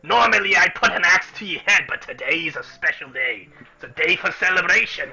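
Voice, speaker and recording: A man voicing a jolly, boastful dwarf employer who talks hearty and booming. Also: lively intonation, brisk, creaky, pushed and bright, dull audio, heavily acted. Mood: boisterous. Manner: hearty, booming, drops words like "me tab".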